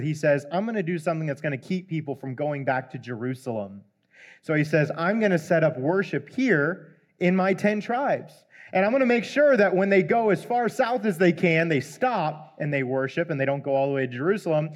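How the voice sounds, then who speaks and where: A man's voice: a little high, animated. Man retelling a Bible story casually. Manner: conversational, acts out the characters' lines in quick asides. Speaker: preacher.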